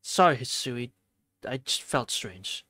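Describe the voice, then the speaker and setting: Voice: medium pitch, animated, slow, bright, forceful tone, no room sound, voice pushed down, full character voice. A streamer reading a confused, irritable young man. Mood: bewildered.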